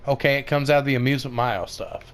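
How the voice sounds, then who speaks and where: A man's voice: mid-range voice, fairly even intonation, very fast, clear, resonant tone. A man giving casual, rambling commentary over a game tutorial, with many fillers and restarts. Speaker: gaming video creator.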